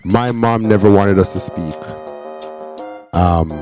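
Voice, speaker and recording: A man's voice: on the low side, slow, music in the background. A man from Jamaica with a Jamaican Canadian accent, hosting casual reaction commentary and telling stories with emphasis. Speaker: host.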